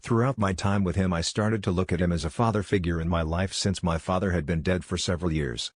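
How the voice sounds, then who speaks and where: A man voicing a calm ninja teacher. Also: sits low, a little fast, no room sound, studio quality. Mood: earnest.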